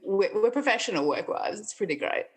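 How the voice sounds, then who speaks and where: A woman's voice: mid-range voice, expressive, a little fast, a loud crowd. A woman, a school art teacher, chatting casually as a podcast guest, giggly and self-mocking. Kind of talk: casual chat.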